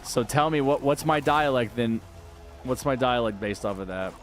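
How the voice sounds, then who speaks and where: A man from Texas talks his way through a game livestream, answering chat in a loose, rambling way full of "like" and "uh". Quiet music runs underneath his voice. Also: medium pitch, normal speed. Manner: rambling, answers chat questions with many fillers. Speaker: gaming livestreamer. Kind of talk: casual livestream chat while gaming.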